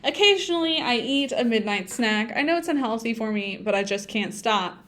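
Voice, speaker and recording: A woman's voice: fairly high pitch, expressive, normal speed, a bit bright. A woman teaching an English speaking-test lesson on a livestream, thinking aloud and humming to herself as she types. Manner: hums and sings to herself while typing.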